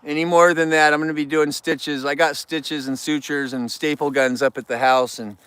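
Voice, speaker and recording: A man's voice: a little high, level tone, moderate pace, fairly bright tone, smooth, no room sound. A middle-aged man chatting casually on an outdoor live stream, repeating himself for emphasis. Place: outdoors near a barn.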